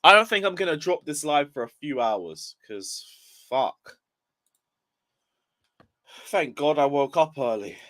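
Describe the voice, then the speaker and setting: A man's voice: fairly high pitch, animated, takes it slowly, pauses often, a bit bright. A young man ranting on a casual football live stream, just woken up and yawning, swearing in frustration as he reads chat aloud. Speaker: football livestreamer.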